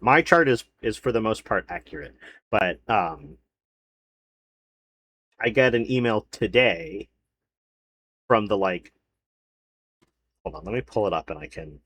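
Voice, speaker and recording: Streamer guy rambling on, kinda low voice, swears a lot, lots of ums. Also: fairly bright tone, husky. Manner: rambling, swears freely, frequent fillers. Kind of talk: casual chat to a live stream chat.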